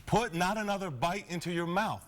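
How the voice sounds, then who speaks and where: A man who is a guest historian on a live morning TV show, playful and laughing often as he slowly reads out old rules. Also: high-pitched, fairly bright tone, a little hiss or hum. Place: TV studio.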